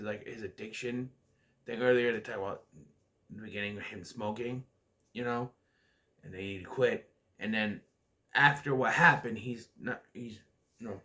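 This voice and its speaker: A man's voice: on the low side, bright, forceful tone. A man casually reviewing a movie for his vlog, rambling with many restarts and acting out scenes. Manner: rambling, hesitant, many restarts and acted-out quotes.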